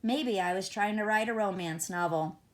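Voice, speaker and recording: A woman's voice: mid-range voice, moderate pace. A woman reading a first-person novel aloud as an audiobook, in a conversational, wry and reflective manner. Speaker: audiobook reader.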